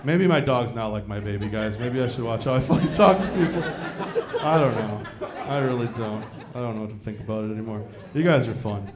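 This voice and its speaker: A young man from Iowa works a live stand-up set, swearing freely and talking in a loose, conversational way. He keeps turning to the crowd to ask if they follow him, and his voice sits in an ordinary middle register. Clear audience laughter rolls in under his lines. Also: mid-range voice, fairly quick. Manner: profane, conversational, often asks the crowd "you know what I mean?". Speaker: stand-up comedian.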